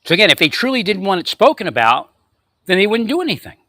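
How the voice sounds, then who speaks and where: A man's voice: sits high, sing-song, quick pace, bright, forceful tone, no echo. A man delivering a confrontational monologue, angrily ranting at unseen opponents. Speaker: vlogger.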